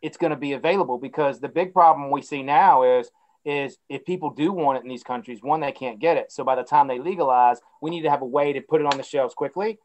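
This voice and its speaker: A man's voice: mid-range voice, fast talker, a little mellow, low-quality recording. A man giving an interview as a guest, speaking earnestly and repeating words while he searches for phrasing. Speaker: guest, company CEO. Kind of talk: casual interview chat.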